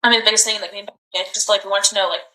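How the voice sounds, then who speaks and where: A young woman in her twenties recounting events in a recorded police interview, talking in halting, rambling bursts full of "like". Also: mid-range voice, fairly even intonation, bright, forceful tone. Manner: halting, rambling, heavy use of "like". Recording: roomy echoey room.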